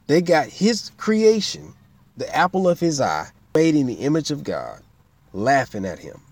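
A man preaching a sermon in an emphatic style, swinging between loud bursts and quiet asides, with features. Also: medium pitch.

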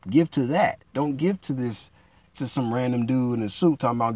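A man preaching in a relaxed, conversational way, repeating himself and building to emphatic peaks. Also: medium pitch, moderate pace, no room sound. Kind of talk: informal sermon teaching.

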